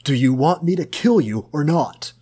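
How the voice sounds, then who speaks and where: Menacing older man barking orders, read by a husky-voiced man, cold and clipped. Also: on the low side, a little slow. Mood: yelling. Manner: curt, clipped and threatening, rising to yells.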